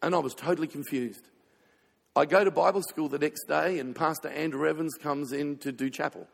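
A man pastor preaching a sermon, telling stories with sudden swings between loud passages and hushed ones. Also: a little high, steady tone, brisk, creaky. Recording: reverberant hall.

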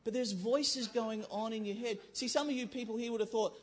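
A man's voice: very high voice, fairly quick, hardly any pauses. A man giving a conversational sermon in a church, joking with the congregation and acting out the voices in people's heads. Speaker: pastor.

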